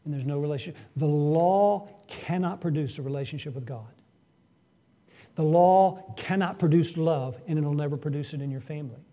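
Male pastor, fairly high voice, mellow tone, sermon delivery with loud surges. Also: normal speed. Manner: earnest preaching with sudden rises in pitch and loudness for emphasis; asks the congregation rhetorical questions.

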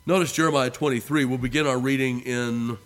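A man preaching a sermon with earnest emphasis, his voice rising on key words and falling quiet at the ends of phrases, and reading scripture in a declaiming tone. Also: mid-range voice, fairly even intonation, brisk. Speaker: pastor.

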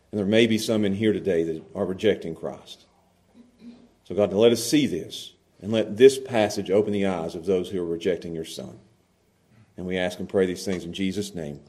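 A man pastor with an Appalachian Southern accent preaching a sermon in a church, moving from a somber prayer to loud, fervent preaching. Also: fairly low pitch. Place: church sanctuary.

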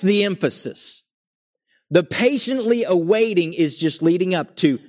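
A young man preaches with earnest emphasis, building his lines up before settling into a quiet, calm tone. His voice sits high and sounds animated, and he speaks a little slowly.

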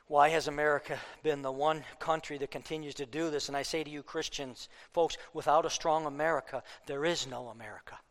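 A man preaching a fiery political sermon, worked up, swinging between loud outbursts and low asides. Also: steady tone, fairly quick, hardly any pauses, in a large hall.

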